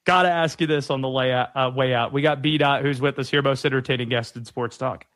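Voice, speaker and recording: A man's voice: mid-range voice, fairly even intonation, fast talker, a bit bright, dry recording. A man hosting a sports-talk radio show, chatting in an easygoing way and laughing often. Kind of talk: casual radio banter.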